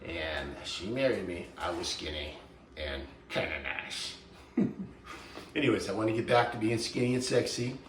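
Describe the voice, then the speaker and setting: A man's voice: low-pitched, lively intonation, normal speed, reverberant, far from the mic, background noise. A man in his sixties, chatting in a folksy, rambling, self-joking way while cooking at home. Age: 60s. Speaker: vlogger. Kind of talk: casual kitchen vlog. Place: home kitchen.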